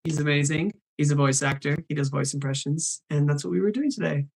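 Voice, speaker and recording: A man's voice: on the high side, a little fast, vocal fry. A man hosting a live stream, chatting in an upbeat way and reading names from the chat.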